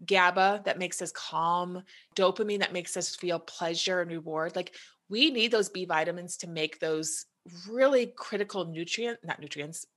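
An American woman in her thirties or forties, a health coach, talks earnestly in a casual podcast chat, saying "you know" a lot. Her voice is fairly low and a bit bright, at a normal speed.

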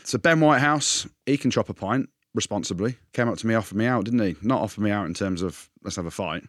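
A man co-hosting a podcast, telling animated stories in casual banter and acting out other people's voices. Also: lowish voice, fast, no echo, studio quality. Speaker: podcast co-host.

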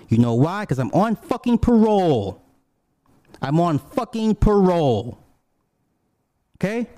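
A man telling a personal story in a casual, profane, animated way, swinging from low mutters to high exclamations. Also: dry recording, studio quality.

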